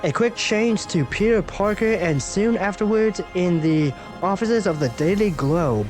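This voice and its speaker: A man's voice: high-pitched, lively intonation, a little slow, few pauses, darkish tone, soft background music. A man, a gaming YouTuber, reading a comic aloud with casual, amused asides.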